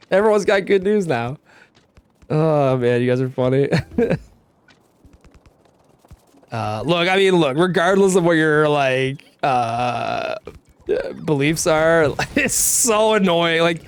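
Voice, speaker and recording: A man's voice: fairly high pitch, lively intonation, slow pace, long pauses, clean tone. A man streaming, chatting casually as he reacts to his own run, laid-back, swearing and laughing often. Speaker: game streamer.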